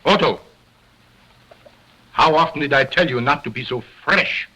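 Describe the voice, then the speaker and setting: An arrogant ventriloquist. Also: male voice, mid-range voice, expressive, slow pace, sharp tone, slightly rough, exaggerated voice, low-quality recording. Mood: scolding. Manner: boastful, brusque, scolding. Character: arrogant egocentric male stage ventriloquist. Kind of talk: early talkie film acting.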